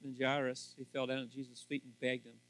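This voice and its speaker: A man preaching a sermon on marriage, swinging from quiet asides up to loud, fervent emphasis. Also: flat delivery, fairly quick. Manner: rising to loud fervent emphasis, then dropping low; acts out little scenes in voices. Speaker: pastor.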